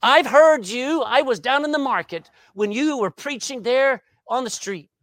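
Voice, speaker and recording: A preacher acting out a humbled, pleading jailer. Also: male voice, very high voice, a bit bright, no echo, voice pushed up. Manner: halting, pleading questions.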